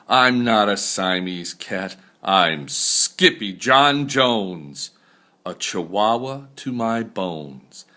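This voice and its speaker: A man's voice: lowish voice, sharp tone. An older man voicing a boastful young boy kitten who plays a Chihuahua, with an exclamatory put-on Spanish accent.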